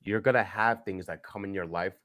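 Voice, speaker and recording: A young man on a podcast, telling a personal story earnestly, haltingly, with frequent restarts. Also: deep voice, fairly even intonation, fairly bright tone, no room sound, clean studio sound. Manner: earnest, halting, with many restarts and "you know". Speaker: podcast guest.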